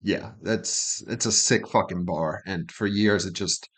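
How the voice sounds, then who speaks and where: Low-voiced man breaking down song lyrics. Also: steady tone, measured pace, breathy edge. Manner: loose and chatty, quoting lyrics, swears freely. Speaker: co-host of a music reaction channel.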